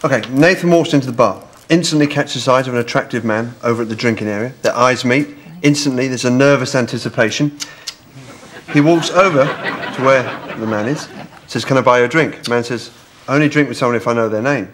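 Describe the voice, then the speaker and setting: A man playing an earnest writer who reads his screenplay aloud in a steady voice. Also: mid-range voice, fairly quick, a little hiss or hum, natural voice. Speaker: sketch actor.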